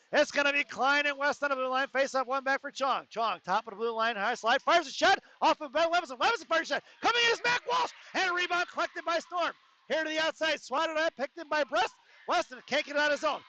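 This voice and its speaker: A man calling a youth hockey game live in an ice arena, rapid play calling with joking asides. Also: extremely high pitch, pushed and bright. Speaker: play-by-play announcer. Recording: dull lo-fi arena stream with faint noise.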